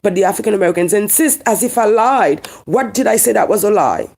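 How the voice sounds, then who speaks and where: Speaking to camera, an online commentator from Haiti with a Haitian accent argues heatedly and emphatically at a slightly fast pace. Her medium-pitched, expressive voice is gravelly, full of fry, and dark and mellow. She asks rhetorical questions and repeats her points over and over.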